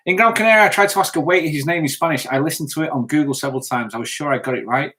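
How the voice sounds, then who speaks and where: A man's voice: a little high, very fast, pushed and bright. A middle-aged man co-hosting a live stream, joking and reading viewers' comments aloud as he thanks them.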